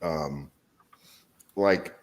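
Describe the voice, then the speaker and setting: A man's voice: a bass voice, drawn-out words. A man with hiccups, a regular on the show, chatting over a video call in a rambling, self-deprecating, hesitant way. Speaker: regular co-host. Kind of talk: casual video chat.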